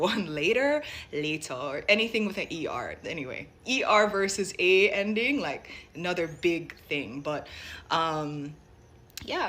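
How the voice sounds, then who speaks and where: A woman's voice: on the low side, fairly bright tone. Woman with a light Jamaican accent. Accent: light Jamaican mixed with American. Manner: thoughtful, many fillers and restarts. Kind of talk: personal reflective monologue.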